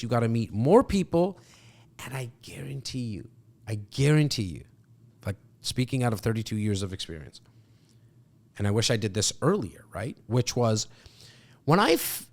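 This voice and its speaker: A man in his fifties, a sales coach, talking emphatically to an audience and acting out what clients think. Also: mid-range voice. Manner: animated, emphatic, acts out clients' thoughts. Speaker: real estate sales coach.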